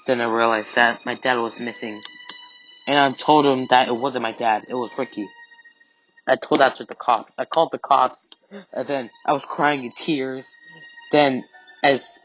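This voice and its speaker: A man telling an improvised scary story in the first person, halting with restarts and strings of "and then", on a dull lo-fi recording with faint music. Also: medium pitch, steady tone, a bit bright.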